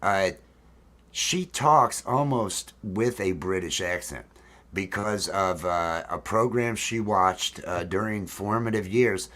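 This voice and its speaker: A man's voice: deep voice, takes it slowly, a bit bright. A man hosting a casual livestream chat, telling a story in a rambling way with many fillers and restarts. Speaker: host.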